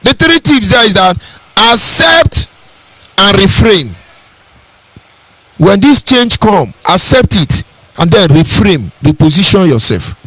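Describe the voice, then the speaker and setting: Brief: high-voiced Nigerian man, emphatic radio broadcaster who preaches and repeats himself, close dry sound. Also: very animated, measured pace, a bit bright, husky, dry recording. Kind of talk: impassioned radio address.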